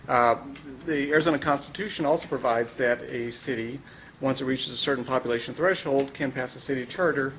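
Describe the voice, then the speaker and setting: A man's voice: mid-range voice, fairly bright tone, slight background noise, poor audio. A man giving a formal, explanatory presentation to a city council, orderly but with frequent fillers.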